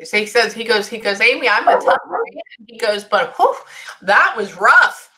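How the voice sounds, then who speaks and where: A woman giving a casual reading as a psychic medium, halting often to listen and sometimes dropping into soft near-whispers. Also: a little high, sing-song. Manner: halting, keeps breaking off to listen. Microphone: recorded session.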